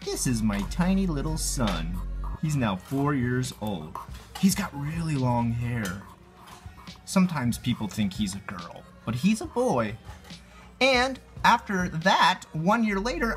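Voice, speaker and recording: A man in his thirties narrating his life story over drawings, goofy and animated, with silly sound effects. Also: mid-range voice.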